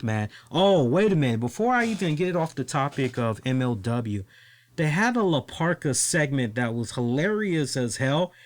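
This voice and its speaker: A man hosting a casual wrestling podcast who swears freely, laughs often and tells stories with lots of energy. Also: medium pitch. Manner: animated, profane, laughs often. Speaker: podcast host.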